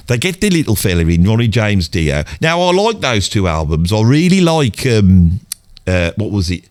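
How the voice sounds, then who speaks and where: A man's voice: mid-range voice, dry recording, studio quality, lightly acted. A man playing a grumbling middle-aged Birmingham bloke with a Birmingham accent, rambling on and swearing mildly in a comedic monologue. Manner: rambling rant peppered with "bloody".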